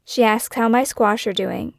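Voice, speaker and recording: A woman narrating her own scripted true-crime podcast in a measured, questioning, somber way. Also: on the high side, steady tone, creaky, no room sound, studio quality.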